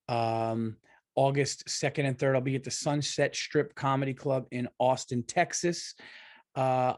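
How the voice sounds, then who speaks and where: A man's voice: mid-range voice, dry recording, clean studio sound. A man who is a comedian, hosting his own podcast alone and going on a swearing, exasperated rant full of restarts. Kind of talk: casual solo podcast rant.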